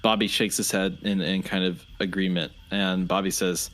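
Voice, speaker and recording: A man narrating as game master of a tabletop role-playing game, relaxed and conversational. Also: low voice, normal speed, hardly any pauses.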